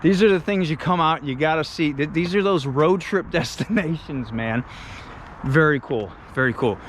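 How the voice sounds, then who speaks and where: A man's voice: on the high side, moderate pace, a little hiss or hum. A man out of breath, chatting casually and laughing as he walks up a steep city street for his vlog. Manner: chatty, laughs often, easily excited. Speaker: travel vlogger.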